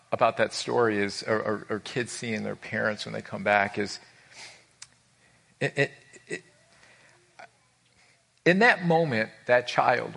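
The preacher here has a gravelly, mid-range voice that's fairly bright. Addressing a live congregation with a screen, he delivers his sermon earnestly and emphatically, lifting his voice on key words and stumbling over repeats when moved.

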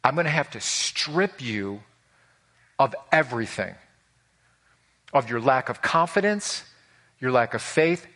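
A male pastor preaching a sermon in an animated way, asking the congregation questions. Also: mid-range voice.

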